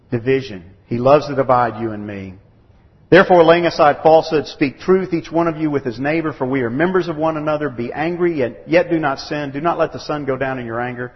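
A man's voice: medium pitch, long reverb tail, highs cut off. A man preaching a sermon to a gathering of men, emphatic and acting out quoted voices. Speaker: pastor. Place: church or meeting room.

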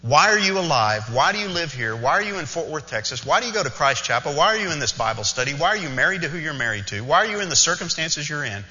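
A man preaches a sermon with a very bright, sharp voice. He tells the story in an animated way, with quick asides to the congregation. The sound is a little dull and carries the long reverb of a hall. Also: a little high. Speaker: pastor.

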